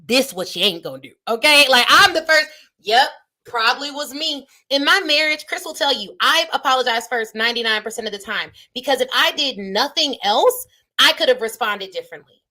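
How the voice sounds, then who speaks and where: Bright, emphatic woman coaching live. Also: high-pitched, expressive, brisk. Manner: emphatic, preacher-like, talks straight to viewers. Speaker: business coach and show host. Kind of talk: live-stream motivational talk. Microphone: phone or webcam on a live stream.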